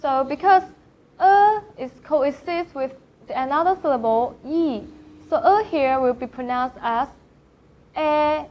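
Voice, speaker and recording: Slow high-voiced woman teaching pronunciation. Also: a little mellow. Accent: Thai. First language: Thai. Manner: slow, careful demonstrations of vowel sounds. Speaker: Chinese language teacher. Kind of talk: pronunciation lesson. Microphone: camera facing the speaker. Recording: slightly dull lo-fi sound.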